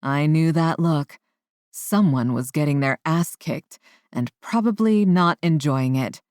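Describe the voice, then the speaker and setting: A woman narrating a romance audiobook in a low, unhurried voice. Her reading is measured and steady. The recording is dry and close, with no room sound. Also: no room sound. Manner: measured, voices characters with higher pitch. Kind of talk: scripted first-person narration.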